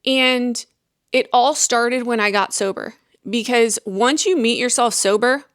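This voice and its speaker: A woman's voice: a little high, unhurried, a bit bright, smooth, no room sound, clean studio sound. A young adult woman hosting a podcast, talking candidly and earnestly, rambling with restarts and acted-out self-talk. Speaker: podcast host.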